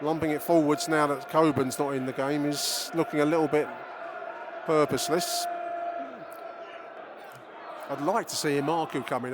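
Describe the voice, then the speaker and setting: A middle-aged man gives chatty, opinionated football commentary from the stands, often turning to his listeners and letting slip the odd swear word. His voice sits a touch high. A loud stadium crowd and steady noise surround the recording. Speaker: podcast host doing live match commentary.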